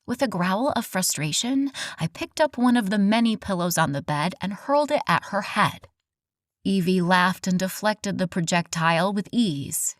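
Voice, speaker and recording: A woman narrating a first-person romance audiobook in an expressive, scripted reading. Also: medium pitch, normal speed, dry recording, clean studio sound.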